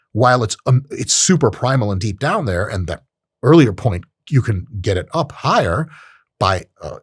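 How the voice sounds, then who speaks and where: A man hosting a podcast, talking in a casual monologue, profane and animated, jumping into high-pitched voices. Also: husky, dry recording, clean studio sound. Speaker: podcast host.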